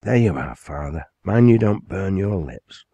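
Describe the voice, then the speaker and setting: A man voicing a composed, concerned young woman in an audiobook, in a gentle, low, only lightly changed voice. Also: lively intonation, measured pace, no room sound, highs cut off, full character voice. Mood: calm. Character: calm concerned young woman, his daughter.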